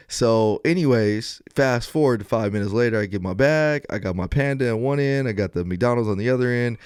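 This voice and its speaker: A man's voice: mid-range voice, brisk, hardly any pauses, smooth, dry recording, studio quality. A man hosting a podcast, telling a story with a laugh and acting out the lines of others. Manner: animated storyteller, laughing, acts out dialogue. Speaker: podcast host. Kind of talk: casual chat.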